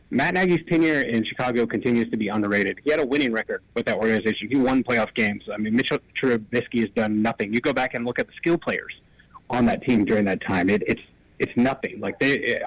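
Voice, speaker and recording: A man co-hosting sports radio, talking fast and analytical as he piles up examples. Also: mid-range voice, dry recording, rough recording. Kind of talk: casual sports talk. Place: radio studio.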